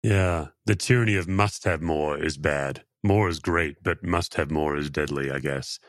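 A deep-voiced man hosts an interview podcast, speaking earnestly and with emphasis. His voice is very low and the recording is dry and close, with no room sound. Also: normal speed, no echo. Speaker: podcast host. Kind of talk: interview conversation.

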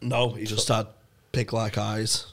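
A man's voice: fairly low pitch, level tone, slow, gravelly, fairly bright tone. A young man, co-hosting a comedy podcast and telling a rambling, sweary school story in a casual chat.

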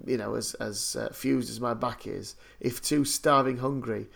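A man's voice: mid-range voice, fairly even intonation, normal speed, gravelly, fairly bright tone. A man chatting casually on a podcast, telling rambling, self-deprecating anecdotes full of restarts. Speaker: podcast co-host.

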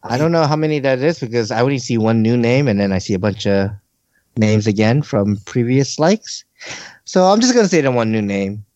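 A man's voice: mid-range voice, animated, brisk, darkish tone, no echo. A man co-hosting a casual podcast, teasing the others and laughing often. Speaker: podcast co-host. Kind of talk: casual chat. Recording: dull, slightly lo-fi sound.

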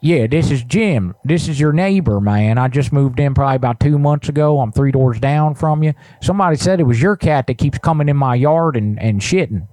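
A man's voice: lively intonation, a little fast, few pauses, mellow, no room sound, lightly acted. Man putting on a crude drawling redneck neighbor. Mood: complaining. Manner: crude, drawling, bursts into rough high singing. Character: irritated redneck male neighbor complaining about a cat. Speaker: prank caller. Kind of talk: prank call.

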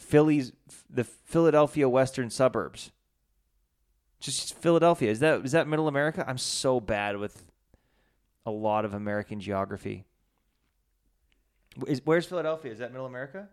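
Male co-host, casual and animated, swears freely, mid-pitched. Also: clear, resonant tone. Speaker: podcast co-host. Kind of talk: casual chat.

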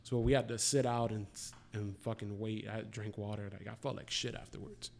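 A man's voice: fairly low pitch, moderate pace, vocal fry, a little hiss or hum. A man in his twenties chatting casually, telling profane stories and acting out the quotes. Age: 20s. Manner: profane, animated storytelling with acted-out quotes. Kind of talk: casual chat.

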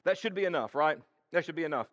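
Male pastor, sermon, higher voice, conversational, addresses congregation. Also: fast, highs cut off. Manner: conversational and expressive, talks to the congregation directly. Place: church service with a congregation.

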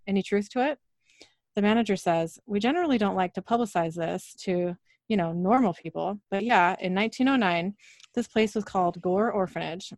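A woman's voice: lowish voice, no room sound. Woman recapping scenes in a dry room. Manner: narrates scenes briskly, laughs often. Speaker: podcast co-host recapping episodes. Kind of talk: casual recap with read-out dialogue.

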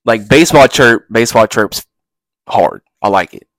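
A man's voice: lowish voice, lively intonation, moderate pace, a bit bright, dry recording. A man co-hosting a podcast in casual chat, full of slang like "bro" and "dude.". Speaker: podcast co-host.

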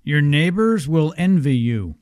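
Animated male radio host, dry studio. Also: fairly high pitch, measured pace, dry recording. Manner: animated storytelling, acting out quotes. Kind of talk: radio ad read and chat.

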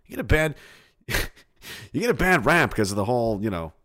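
A man's voice: medium pitch, sing-song, normal speed, fairly bright tone. A male podcast host chatting casually on a livestream, sarcastic and profane, often laughing at his own jokes.

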